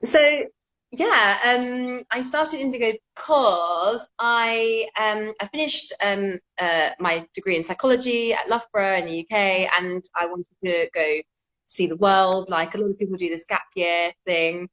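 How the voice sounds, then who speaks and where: A woman's voice: mid-range voice, measured pace, a bit bright, poor audio. A woman from the UK, a charity founder, telling her story earnestly over a video call. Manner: earnest, with frequent restarts. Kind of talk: casual interview storytelling.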